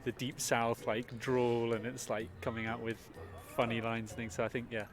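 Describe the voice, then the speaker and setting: A man's voice: mid-range voice, little pitch movement, moderate pace, faint music behind. An English man answering a street interview outdoors, thoughtful and hedging with fillers.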